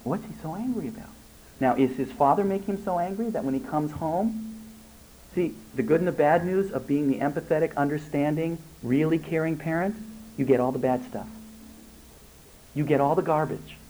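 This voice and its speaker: A man with a fairly high but mellow voice and a soft lilt, talking as a family therapist in front of parents. He speaks in an animated way and acts out little exchanges between parents and children to make his points. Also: normal speed, slight background noise, rough recording. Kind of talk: workshop talk with audience questions.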